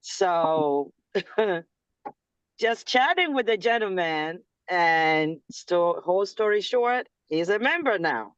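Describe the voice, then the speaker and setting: Team leader, upbeat and emphatic, smooth voice, dull dry call audio. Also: mid-range voice, expressive, slow pace, fairly bright tone, no echo. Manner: upbeat, exclamatory, preachy. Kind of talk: upbeat sharing on a group video call. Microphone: video call.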